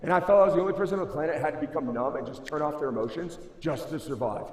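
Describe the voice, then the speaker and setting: A man in his twenties giving a motivational speech to a school assembly, casual and slangy, swinging between loud emphasis and hushed moments. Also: fairly high pitch, racing. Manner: casual and slangy, calls listeners bro and dude. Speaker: motivational speaker. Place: large school assembly hall. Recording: echoey hall, long reverb.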